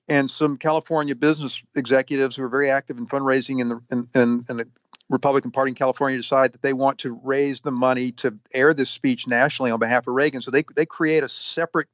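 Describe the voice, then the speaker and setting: A man answering interview questions at length, halting often with fillers and restarts. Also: medium pitch, fairly even intonation, no echo. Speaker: historian guest. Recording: dull, lo-fi sound.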